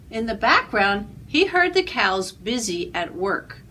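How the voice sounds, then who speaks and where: A woman, a children's librarian, reading a picture book aloud with expressive storytelling. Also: medium pitch, a little slow, husky.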